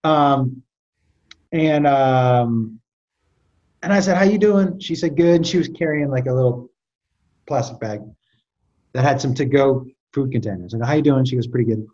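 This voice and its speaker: A man's voice: medium pitch, normal speed, long pauses, a little mellow, muffled recording. A man in casual conversation, telling stories animatedly with frequent restarts and stammers. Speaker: podcast guest. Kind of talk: storytelling in casual chat.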